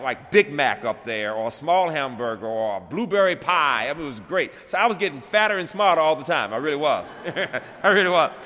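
Male keynote speaker, animated storyteller, long reverb of a large chapel. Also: on the high side. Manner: storytelling, builds repetition to rising emphasis. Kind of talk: inspirational speech.

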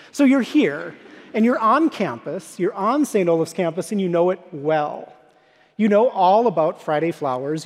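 A man's voice: high-pitched, darkish tone. A man preaching a sermon, telling everyday stories in a conversational way to his listeners. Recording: long hall reverb.

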